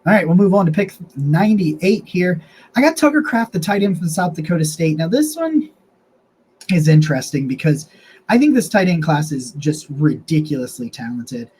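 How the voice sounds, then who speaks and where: Casual sports host, dark mellow voice. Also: male voice, a little high, big pitch swings, moderate pace, slight background noise, poor audio. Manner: loose, rambling, frequent restarts and fillers. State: has the hiccups. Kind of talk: casual sports analysis monologue.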